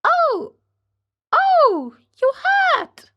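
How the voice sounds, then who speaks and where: A woman's voice: very animated, very slow, highs cut off, full character voice. A woman voicing the tiny, pleading voice of a living wooden log. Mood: hurt. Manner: high, squeaky and pleading.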